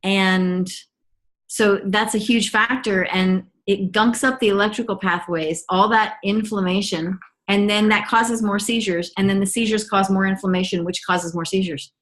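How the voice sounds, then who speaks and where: A woman's voice: mid-range voice, steady tone, moderate pace, fairly bright tone. A middle-aged woman gives a personal testimony as a mother, talking in a chatty, earnest way with frequent ums and restarts. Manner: earnest and enthusiastic.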